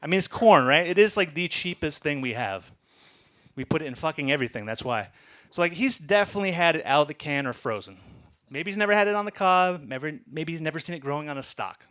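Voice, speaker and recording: Bright, rambling stand-up comedian, a man. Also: fairly high pitch, lively intonation, fast talker. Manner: rambling, profane, self-deprecating.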